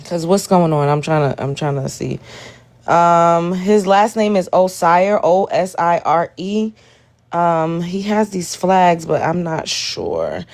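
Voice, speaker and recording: A woman's voice: on the low side, expressive, slow pace, darkish tone. A woman hosting a live stream, reacting to a video and talking straight to her chat in an exasperated way. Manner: exasperated, addresses chat directly. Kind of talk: casual live stream commentary.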